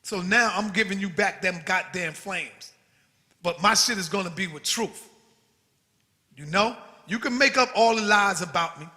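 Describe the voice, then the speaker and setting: A man with a strikingly high, sharp voice rants defiantly to his channel's viewers, swearing freely. The recording carries a long echoey reverb. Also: moderate pace. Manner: forceful, defiant, profane. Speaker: channel host. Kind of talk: heated livestream rant.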